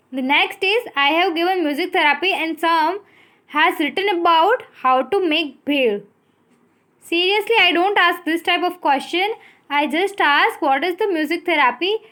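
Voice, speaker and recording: A woman teacher with an Indian English accent, giving a recorded English lesson, explaining words slowly and spelling them out letter by letter. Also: very high-pitched, sharp tone.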